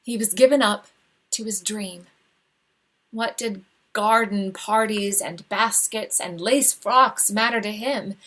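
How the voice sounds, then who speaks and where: A woman reading a literary short story aloud over a video call, slow, hushed and tender. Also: medium pitch, slightly rough. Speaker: reader. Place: home, read live over a video call.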